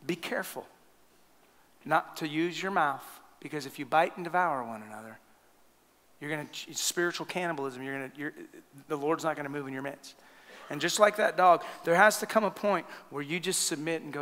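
A man preaches a sermon, telling stories with lively energy and laughing along. His voice is bright and a touch high. It rings with a long reverb in a church sanctuary. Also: fairly quick. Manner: animated storytelling, laughing at his own stories. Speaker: pastor.

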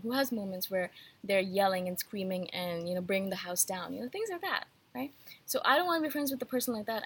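A slightly feverish woman with a medium-pitched, breathy-edged voice hosts a YouTube channel. In a casual rant to camera she addresses her viewers directly, frank, emphatic and rambling.

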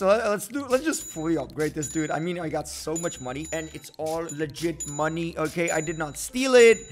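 Young man, gameplay commentary, hoarse voice, fairly high pitch, boastful, excitable, casual. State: hoarse from screaming. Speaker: gaming video host. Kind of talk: casual let's-play commentary.

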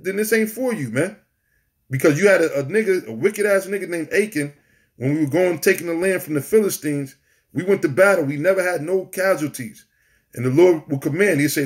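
A man delivers a raw street sermon. His voice sits a bit high for a man, and he talks bluntly and profanely, full of defiance between scripture quotes. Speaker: street preacher.

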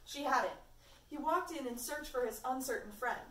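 A woman's voice: sits high, moderate pace, pushed and bright. A woman reading fan fiction aloud in a casual, amateur way, sometimes stumbling over words. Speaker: fanfiction reader. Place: room at a party. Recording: echoey room, mic far off, faint background sounds.

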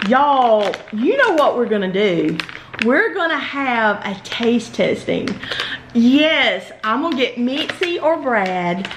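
A woman with a Southern US accent gushing excitedly as she unboxes fan mail in a casual vlog. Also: fairly high pitch, echoey room, background noise. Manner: gushing, excitable, slow-spoken. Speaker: YouTuber opening fan mail. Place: indoors at a table.

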